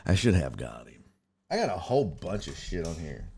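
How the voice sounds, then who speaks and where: A low male voice with vocal fry, at normal speed, with a little hiss or hum in the audio. He hosts a casual sports talk livestream, answering viewer chat and delivering animated rants and stories laced with lots of cursing.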